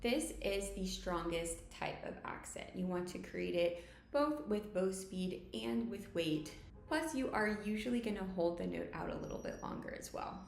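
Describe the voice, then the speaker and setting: A woman teaching violin, explaining each technique clearly and step by step. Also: mid-range voice, animated, moderate pace, darkish tone, roomy sound, slight background noise. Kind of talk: instructional tutorial.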